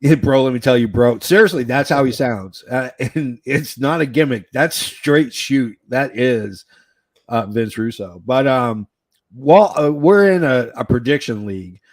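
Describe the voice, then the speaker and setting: A man co-hosting a wrestling podcast in casual chat, excitable and joking, rambling with fillers. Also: medium pitch, measured pace, dry recording. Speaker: podcast co-host.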